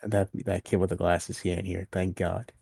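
A man's voice: sits low, flat delivery, moderate pace, vocal fry, mellow, husky. A man co-hosting a podcast, casually recapping a wrestling show at length and acting out what was said. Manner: recaps events at length, acting out quoted lines. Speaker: podcast co-host. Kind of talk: casual wrestling review chat.

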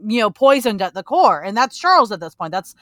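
A woman's voice: medium pitch, very animated, brisk, fairly bright tone, dry recording. A woman co-hosting a casual comics podcast, talking animatedly, repeating points for emphasis and swearing freely. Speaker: podcast co-host.

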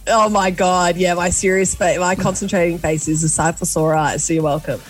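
Young aussie woman co-hosting radio, giggly and self-deprecating, soft music in the back. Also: fairly low pitch, fairly even intonation, a little fast. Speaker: radio co-host. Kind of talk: casual radio chat.

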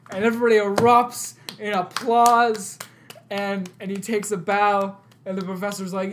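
A young man co-hosting a podcast, telling an animated story with lots of laughter and loud outbursts. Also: high-pitched, a little slow, a little hiss or hum. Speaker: podcast co-host. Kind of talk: casual chat, storytelling.

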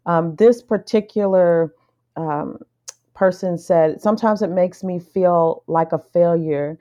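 Gentle, thoughtful woman, slightly low. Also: slow, dull audio. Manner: thoughtful, gentle, hesitant with ums. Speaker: podcast co-host. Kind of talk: casual conversation.

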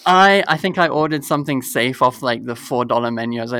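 A man's voice: mid-range voice, quick pace, dry recording. A young man in casual chat, animatedly telling a funny story and laughing through it. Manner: animated, laughs through his story, acts out quoted voices.

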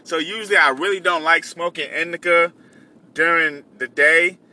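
A man's voice: a little high, fairly even intonation, normal speed, sharp tone. A young man hosting his own podcast while out on delivery runs, talking in a loose, rambling way with many restarts. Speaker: podcast host and delivery driver. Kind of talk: casual rambling monologue.

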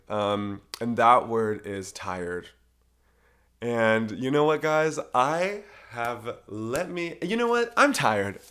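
A man's voice: medium pitch, a bit bright. A young man hosting his own solo podcast, rambling casually, often breaking into giggles and cutting himself off mid-sentence. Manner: giggly, rambling, self-interrupting. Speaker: podcast host.

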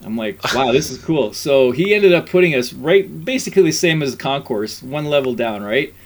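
A middle-aged man telling stories in a casual chat, animated, laughing often and acting out what people said. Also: fairly high pitch, normal speed, slight background noise.

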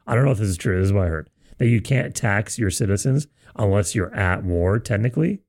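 A man's voice: on the low side, lively intonation, a little fast, creaky, a little mellow. A man co-hosting a casual podcast, who swears freely and speculates loosely about things he has heard. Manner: profane, laughs along, speculative. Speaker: podcast co-host.

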